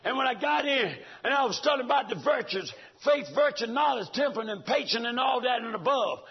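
High, husky-voiced preacher in full sermon. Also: male voice, expressive, a little fast. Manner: fervent, rhythmic, rises to shouts. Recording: dull lo-fi recording.

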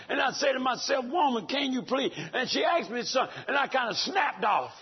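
A man preaching a fervent, rhythmic sermon, rising to shouts, recorded in dull lo-fi sound. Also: extremely high pitch, husky.

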